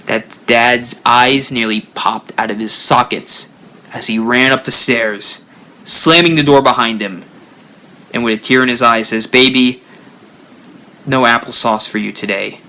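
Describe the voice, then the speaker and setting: Slow bright-voiced male storyteller. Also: mid-range voice. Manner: animated storyteller, rising and dropping for effect. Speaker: haunt builder channel host. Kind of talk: live-streamed spooky story.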